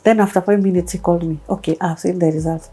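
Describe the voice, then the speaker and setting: A Kenyan woman in her thirties tells her own story as an interview guest. Her voice sits a little low and mellow, and she brings the people in her story to life as she tells it. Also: fast talker, slight background noise, rough recording. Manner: animated storytelling, acting out quoted voices. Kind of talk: personal testimony interview.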